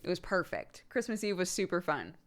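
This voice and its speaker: A woman's voice: on the low side, wildly swooping pitch, brisk. A young woman streaming, chatting casually with her viewers in a rambling way full of fillers. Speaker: streamer host.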